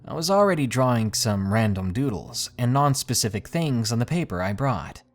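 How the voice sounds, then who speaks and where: A man's voice: medium pitch, sing-song, moderate pace. Man narrating a creepy tale. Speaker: horror story narrator. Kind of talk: scripted narration of a creepy true story.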